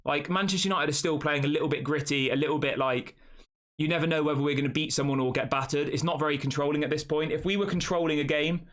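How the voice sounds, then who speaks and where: A man's voice: a little high, a bit bright. A young man hosting a casual live stream, chatting and reading out viewer comments before answering them. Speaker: fan channel host.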